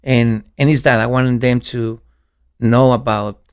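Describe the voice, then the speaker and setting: A man's voice: medium pitch, a little slow, clear, resonant tone. A young man from Ecuador with an Ecuadorian Spanish accent, a bartender and podcast guest talking casually and acting out the voices in his stories. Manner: animated storytelling, acts out quoted voices.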